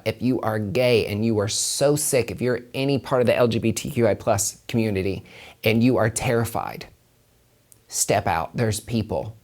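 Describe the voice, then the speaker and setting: A man's voice: lowish voice, moderate pace, darkish tone. A man hosting a solo podcast on tarot and numerology, talking emphatically with plenty of swearing, repeating his points and calling the listener honey. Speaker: podcast host and tarot reader.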